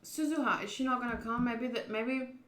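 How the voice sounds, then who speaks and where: A woman's voice: a little high, level tone, fairly quick, a bit bright, echoey room. A woman streaming a visual novel, reading its text aloud and chatting about it between bites of food. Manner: chatty, eats while talking.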